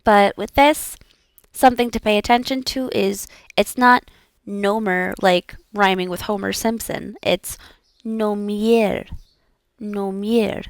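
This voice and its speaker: A woman's voice: mid-range voice, moderate pace, gravelly, no echo, clean studio sound. A young woman learning languages, repeating practice words aloud and chatting casually with fillers.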